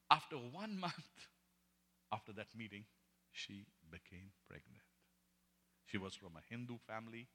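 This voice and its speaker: A male preacher tells testimony stories in a very bright, cutting voice. He swings from hushed lines to loud bursts and laughs often, and the sound carries a long hall reverb. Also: on the low side. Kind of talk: sermon storytelling.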